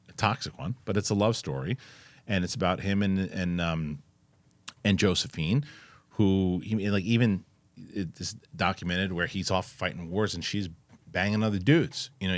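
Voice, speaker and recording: Rambling low-voiced man chatting on a show. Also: no room sound. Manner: rambling, animated, many restarts and fillers. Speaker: host. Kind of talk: casual chat.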